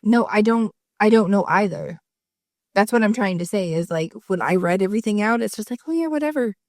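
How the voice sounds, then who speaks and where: A woman's voice: medium pitch, brisk, a little mellow, no echo, studio quality. Chatty, swearing woman podcast co-host. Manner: chatty, swears freely, acts out quoted dialogue. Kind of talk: casual chat.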